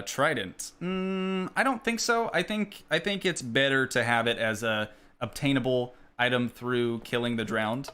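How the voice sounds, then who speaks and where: A man's voice: mid-range voice, bright, forceful tone, clean tone. A man casually commenting on his game during a live stream, rambling and answering chat questions.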